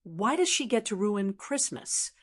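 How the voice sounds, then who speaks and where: A woman voicing a resentful, defensive young wife who yells indignantly at her husband. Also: mid-range voice, sing-song, unhurried. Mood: resentful fury. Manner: indignant, yelling.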